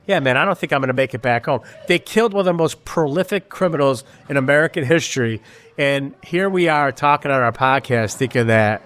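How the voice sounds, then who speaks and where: Rambling retired cop hosting a podcast. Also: male voice, on the high side, fairly bright tone. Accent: Western New York. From Rochester, New York. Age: older. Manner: rambling storyteller, heavy swearing, restarts. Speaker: podcast host. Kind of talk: profane live podcast banter. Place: neighborhood bar.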